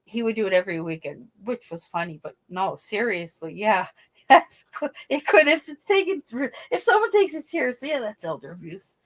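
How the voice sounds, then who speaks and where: A woman's voice: medium pitch, big pitch swings, normal speed. Chatty middle-aged woman hosting a livestream. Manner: chatty, laughs often, acts out quoted voices. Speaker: livestream host. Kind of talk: casual chat.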